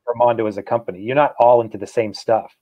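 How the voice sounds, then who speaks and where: Brief: male guest artist, self-effacing, mid pitch, dry close recording. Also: steady tone, quick pace, dry recording, muffled recording. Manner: modest, rambling, self-effacing. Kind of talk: casual chat.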